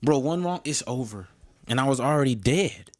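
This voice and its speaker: A man's voice: medium pitch, lively intonation, normal speed. A young man co-hosting a podcast, talking earnestly in casual chat with many restarts. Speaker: podcast co-host.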